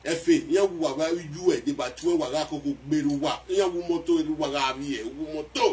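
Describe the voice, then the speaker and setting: A man with a Nigerian accent giving excitable casual commentary on a song, repeating phrases as he goes. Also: a little high, racing, far from the mic, slight background noise. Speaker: music commentator.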